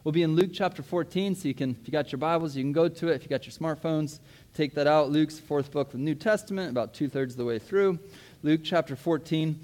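A man in his thirties, a pastor giving a sermon, telling a personal story in a lively way and acting out his own past words. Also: a little high, brisk. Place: church.

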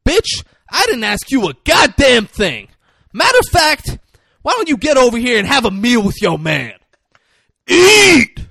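A man shouting as a furious, foul-mouthed tough guy from a shark movie. The voice jumps high and swings wildly as he barks orders, dry and close to the mic. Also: huge pitch swings, a little slow, gravelly, breathy edge, no echo, full character voice. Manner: shouting, profane, bossy.

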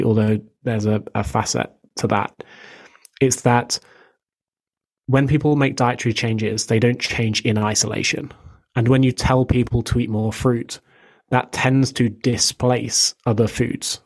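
A man who coaches fitness clients, answering listener questions on a podcast in a measured, explanatory way. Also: medium pitch. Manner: measured, explanatory, even delivery.

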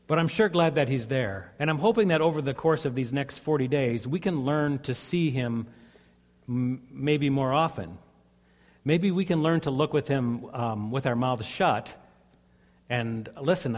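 A man preaching a sermon as a pastor, earnest and conversational, telling stories to his congregation. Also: medium pitch. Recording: long hall reverb.

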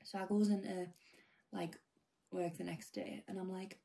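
A young British woman casually telling a rambling personal story as a vlogger, often dropping her voice to a hush. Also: fairly low pitch, level tone, moderate pace, vocal fry.

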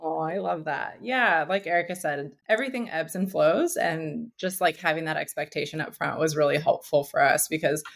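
A woman's voice: low voice, normal speed, gravelly, hardly any pauses. A woman who is a guest entrepreneur, speaking earnestly in a casual interview and using lots of "like" fillers.

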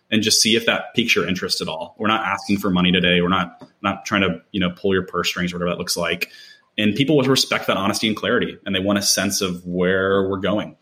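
A man with a bright, forceful voice on the low side talks casually in a rambling way. He restarts often and fills with "you know". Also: steady tone, fast talker. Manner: rambling, many fillers and restarts. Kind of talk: casual conversation.

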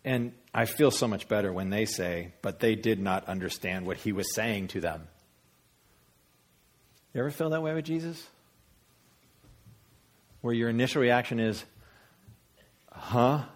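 A man preaching a sermon, animated and storytelling, acting out voices with big jumps in pitch. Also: normal speed, pauses often. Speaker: pastor.

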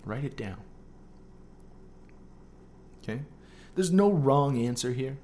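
A man's voice: mid-range voice, expressive, takes it slowly, a little mellow. A man hosting a solo podcast, coaching listeners through a writing exercise with frequent "okay?" check-ins and playful asides. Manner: playful asides mixed with earnest teaching. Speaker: podcast host.

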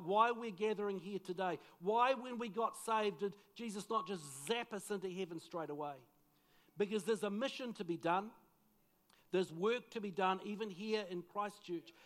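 Middle-aged New pastor, fairly high voice, lively storyteller who plays every part himself. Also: male voice. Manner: animated, acts out dialogue in the story. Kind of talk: storytelling sermon.

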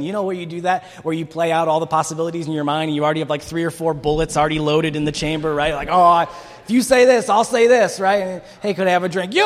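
A man preaching a sermon in a casual, conversational way, acting out the people in the story with bursts of energy. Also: fairly high pitch. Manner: conversational preaching, acts out quotes with rising energy. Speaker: pastor. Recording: long hall reverb.

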